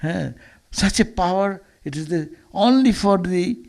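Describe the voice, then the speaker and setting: Gravelly-voiced monk telling a sermon story. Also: male voice, sits high, lively intonation, a little slow, a little mellow. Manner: earnest, with frequent restarts and repeated words. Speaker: monk giving a Sunday lecture.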